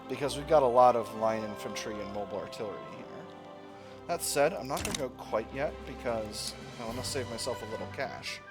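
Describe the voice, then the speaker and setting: A man's voice: medium pitch, fairly quick. A man casually commenting on his strategy game as he plays, thinking aloud and often correcting himself. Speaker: let's play gamer. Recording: game music playing underneath.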